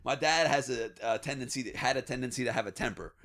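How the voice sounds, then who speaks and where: Profane storytelling podcast host. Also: male voice, mid-range voice, quick pace, vocal fry. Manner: profane, animated anecdote-telling with laughs. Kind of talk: casual storytelling.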